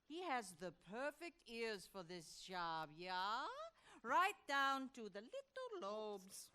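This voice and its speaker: A woman's voice: medium pitch, sing-song, slow, sharp tone, clear, resonant tone, heavily acted. An actress playing a playful, flirtatious office woman in a stage musical, teasing and mocking with bubbly energy. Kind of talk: musical theater stage dialogue.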